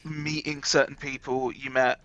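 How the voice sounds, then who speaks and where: A man's voice: medium pitch, little pitch movement, a little slow, a bit bright, no echo. A man, a comedian guest, chatting casually in a self-deprecating way with chuckling asides. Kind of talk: casual chat. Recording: slightly dull lo-fi sound.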